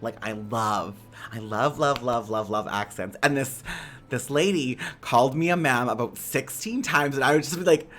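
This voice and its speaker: A man from Canada hosting a stream interview, telling stories in an animated, campy way with a lot of likes. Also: medium pitch, normal speed. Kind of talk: casual chat.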